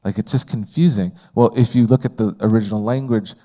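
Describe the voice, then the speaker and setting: A man's voice: on the low side, brisk, warm tone. A man teaching a Bible study in a conversational way, asking the group questions and often using fillers.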